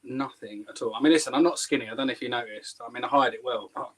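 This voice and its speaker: A man's voice: mid-range voice, racing, rough recording. Breathless man bantering on a livestream. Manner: joking, self-mocking banter. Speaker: livestream guest. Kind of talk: casual livestream chat.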